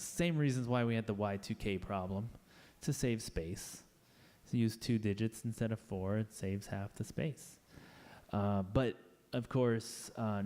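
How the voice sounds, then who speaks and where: A man's voice: medium pitch, dark tone. A man giving a casual, playful talk to a live audience, chatty and acting out little scenes in voices. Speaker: conference speaker.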